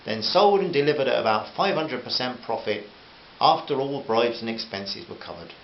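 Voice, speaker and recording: A man narrating his own novel aloud in a steady, conversational reading voice. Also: medium pitch. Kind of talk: audiobook narration. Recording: roomy, dull, hissy home recording.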